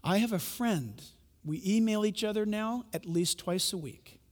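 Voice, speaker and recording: A man preaching a sermon, telling stories with animated swings from loud bursts to hushed tones. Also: high voice, unhurried, big-room sound. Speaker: pastor.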